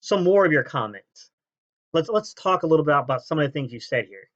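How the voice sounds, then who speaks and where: A man hosting a sports fan channel, ranting and mocking rival fans' comments, jumping between loud jabs and low sneers. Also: animated, brisk, dull audio. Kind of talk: fan reaction rant.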